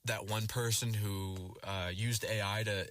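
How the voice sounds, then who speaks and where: A man's voice: on the low side, steady tone, unhurried, a bit bright, dry recording. A young man ranting casually to his viewers, rambling and swearing a lot with plenty of filler words. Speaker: vlogger. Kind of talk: casual rant to camera.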